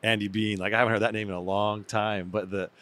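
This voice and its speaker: A man with a fairly low voice hosts a casual podcast. He sounds upbeat and chatty, keeping the discussion moving and laughing easily. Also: flat delivery, fast talker, fairly bright tone. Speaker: podcast host.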